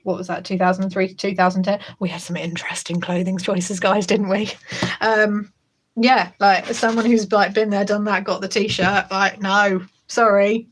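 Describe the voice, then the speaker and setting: A woman's voice: mid-range voice, a bit bright, a little hiss or hum. A woman in her thirties, a schoolteacher, chatting casually on a livestream, sarcastic and rambling, often breaking into laughter. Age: 30s.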